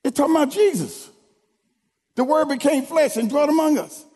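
High-voiced preacher man in a reverberant hall. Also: moderate pace. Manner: call-and-response preaching, rising to shouts. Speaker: pastor. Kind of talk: sermon.

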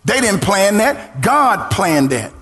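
A middle-aged man preaching a sermon as pastor, swinging into sung, shouted lines and calling on the congregation to respond. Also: high-pitched, very animated, takes it slowly. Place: church. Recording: church hall reverb.

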